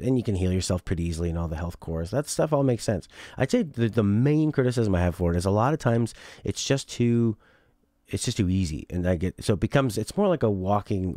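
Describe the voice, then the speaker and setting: A man's voice: deep voice, fairly quick, no room sound, clean studio sound. A man giving casual, chatty commentary while streaming a video game, thinking aloud and often trailing off. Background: loud game music.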